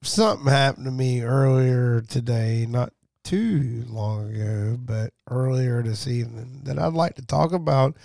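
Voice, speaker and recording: A man's voice: mid-range voice, measured pace, vocal fry, a little mellow, dry recording. A man rambling crudely and joking as a podcast guest, drinking during a casual chat in a small home studio. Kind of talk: casual drunken banter.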